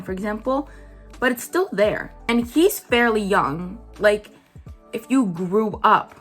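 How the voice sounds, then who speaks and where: A woman talks through drama in a casual vlog, blunt and chatty and scattered with "like" and "um". Her voice sits a little low, with faint music under her speech. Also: fairly bright tone. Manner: chatty, blunt, filler-heavy with "like" and "um". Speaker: commentary vlogger. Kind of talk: casual commentary chat.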